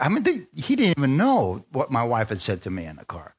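A middle-aged preacher gives his testimony in a sermon, his voice fairly high and fairly bright, moving at a fairly quick clip with great animation. He tells his own story, performs the voices of the people in it, and calls on the crowd for amens.

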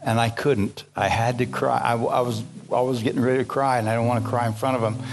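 A man's voice: medium pitch, fairly even intonation, fast, background noise. An older man preaching a fervent, folksy sermon in a church, calling the congregation for amens and hallelujahs.

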